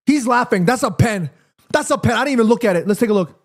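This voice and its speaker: A young man hosting a live football watchalong, reacting excitedly to the match, pleading with the referee and swearing freely. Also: very high voice, fast.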